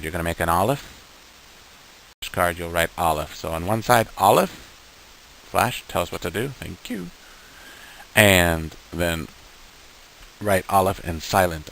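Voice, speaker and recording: A man teaching beginners, patient and slow, sounding out each syllable and repeating words for the learner to copy. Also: deep voice, fairly even intonation, vocal fry, fairly bright tone, slight background noise, low-quality recording. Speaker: Hebrew teacher. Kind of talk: beginner language lesson.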